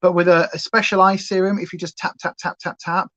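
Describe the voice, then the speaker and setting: A woman's voice: fairly low pitch, little pitch movement, a little fast, dry recording, muffled recording. A woman hosting a casual makeup livestream from home, chatting and going off on tangents. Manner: chatty, rambling, goes off on tangents. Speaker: beauty livestream host.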